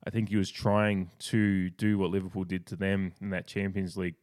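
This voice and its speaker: Deep-voiced man chatting about sport. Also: moderate pace. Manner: rambling, animated storytelling with frequent restarts. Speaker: podcast co-host. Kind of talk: casual sports chat.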